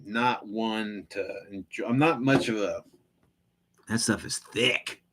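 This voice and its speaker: A man's voice: lowish voice, slow pace, fairly bright tone, a little hiss or hum. A man hosting a live stream, chatting casually with viewers in a rambling, profane way full of fillers and restarts.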